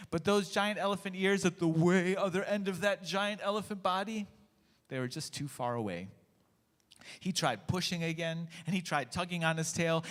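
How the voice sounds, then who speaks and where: A man leading worship, telling a story to a congregation in an expressive, animated way. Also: on the high side. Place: church sanctuary. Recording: echoey church hall, faint music.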